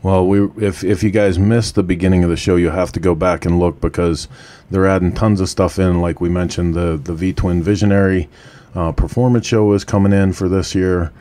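Deep-voiced, laid-back male show host. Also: steady tone, normal speed, mellow. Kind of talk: casual live-stream chat.

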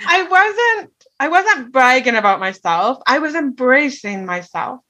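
A woman's voice: high voice, animated, unhurried, pushed and bright. A middle-aged woman telling a personal story in an earnest way, often checking in with "right?". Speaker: guest.

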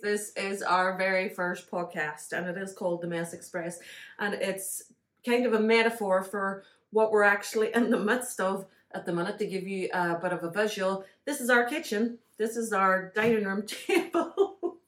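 A woman's voice: mid-range voice, moderate pace, a bit bright. Teasing Derry woman, echoey kitchen. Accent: Northern Irish, Derry. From Northern Ireland. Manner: chatty, laughs often, teasing. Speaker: podcast co-host. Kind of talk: casual chat with her husband. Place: home kitchen.

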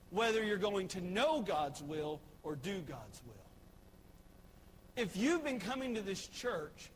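A pastor with an unusually high-pitched voice delivers a sermon in a church sanctuary. He preaches emphatically, driving points home by repeating phrases. A faint hum sits beneath him.

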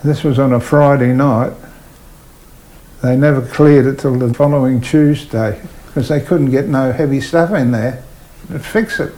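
An older Australian man recounts his railway days in an unhurried, storytelling voice. He slips into the voices of the people in his tales as he goes. His voice sits at an ordinary middle pitch for a man. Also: rough recording. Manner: animated yarn-spinner, voices people in his stories. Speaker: retired train driver. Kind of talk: oral history interview storytelling.

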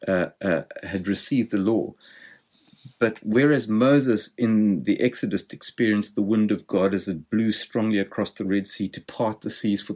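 Male preacher, lower register, reflective expository sermon delivery. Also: a little mellow. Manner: thoughtful, explanatory preaching.

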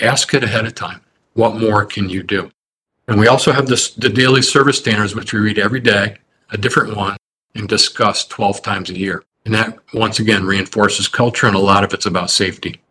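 A man, a construction company president, telling stories in a measured, earnest way during a podcast interview. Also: lowish voice, fairly even intonation, bright, forceful tone, slight background noise. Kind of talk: anecdotal storytelling in a podcast interview.

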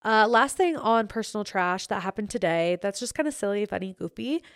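Young woman, solo podcast host, excitable chatty gushing, smooth voice, dry recording. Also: medium pitch, fairly quick, dry recording.

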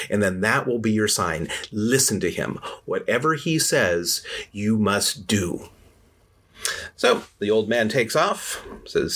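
A man's voice: on the low side, very animated, a little slow, a bit bright. A man telling a folk tale in a casual, rambling way with many hesitations, over faint music. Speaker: storyteller. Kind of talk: casual storytelling.

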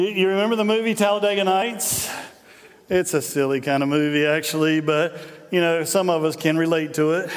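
A man's voice: on the high side, fairly bright tone, smooth. A middle-aged man preaching a sermon as a pastor, in a conversational, joking storytelling manner that often repeats "and, and". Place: church sanctuary. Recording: long hall reverb in a church.

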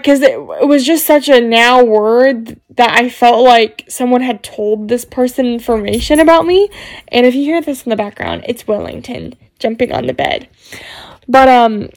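A woman sharing a heartfelt faith message at home in a casual, rambling way, full of "you know" and "like". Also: fairly high pitch. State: tearful near the end. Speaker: Christian vlogger sharing a devotional message. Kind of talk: casual faith talk, testimony. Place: at home, dog jumping on the bed.

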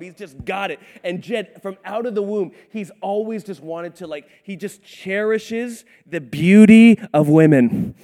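Animated high-voiced male preacher. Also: big-room sound. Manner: animated, storytelling, laughing often. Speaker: pastor. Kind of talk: sermon.

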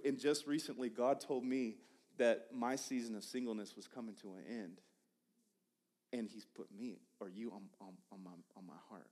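A man in his thirties preaching a sermon, telling a personal story in a conversational way that swings from loud bursts to hushed asides. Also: mid-range voice, a little fast. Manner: conversational, repeats words and restarts.

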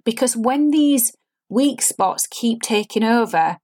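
A woman's voice: on the high side, animated, takes it slowly, a little mellow. Earnest woman acting coach. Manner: earnest, explanatory, demonstrates line readings. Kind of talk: spoken lesson to camera.

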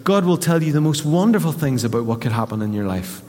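Northern Irish pastor preaching in a hall. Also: male voice, on the high side, fast. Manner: storytelling, animated quoting of voices. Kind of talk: sermon. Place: church hall. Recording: reverberant church hall.

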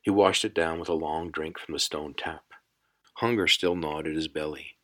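A man narrating a fantasy audiobook in a measured, unhurried storytelling manner. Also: extremely low pitch, fairly even intonation, fairly bright tone. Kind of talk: scripted narration.

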